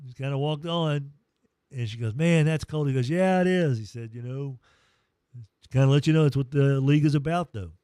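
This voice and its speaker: A man's voice: mid-range voice, normal speed, mellow, clear, resonant tone, no echo, studio quality. A man hosting a sports talk show, telling stories in a casual way, acting out quotes and reading sponsor spots. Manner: reads live sponsor reads. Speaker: sports radio host.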